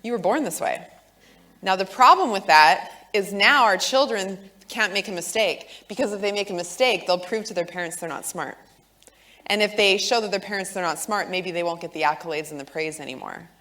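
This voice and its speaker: A woman in her thirties giving a clear, earnest talk, explaining with examples from parenting. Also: mid-range voice, fairly quick, sharp tone. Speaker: co-speaker on leadership.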